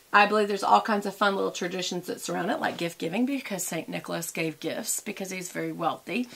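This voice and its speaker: A woman's voice: medium pitch, creaky, fairly bright tone. A middle-aged woman with a drawl talks through her makeup routine in a loose, rambling way. She chats to her viewers like friends and drifts from topic to topic without any script. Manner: chatty, rambling, talks while applying makeup and eating. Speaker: beauty and lifestyle vlogger. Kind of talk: casual makeup and chat vlog.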